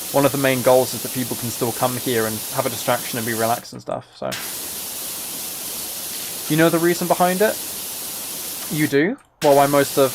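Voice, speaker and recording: A young British man hosting a relaxed livestream, chatting casually and rambling as he answers his chat. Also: medium pitch. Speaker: livestream host. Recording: steady hiss of spraying water behind.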